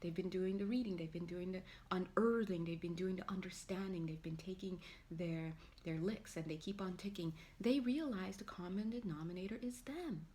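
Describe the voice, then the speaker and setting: A woman's voice: fairly low pitch, moderate pace, hardly any pauses, warm tone, a little hiss or hum. A woman giving a casual spiritual tarot reading, rambling and chatty, with playful asides and acted-out quotes. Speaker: tarot reader.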